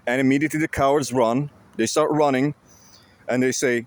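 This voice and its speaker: A man's voice: mid-range voice, brisk. A man vlogging outdoors by a lake, speaking to his viewers in an intense, repetitive and profane way. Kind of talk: casual monologue to viewers.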